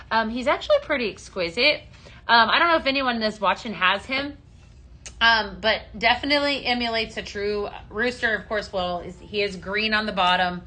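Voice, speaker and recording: A woman's voice: fairly high pitch, bright, forceful tone. A woman hosting a casual live-stream shopping show, chatty and upbeat, with many ums, calling viewers her friends.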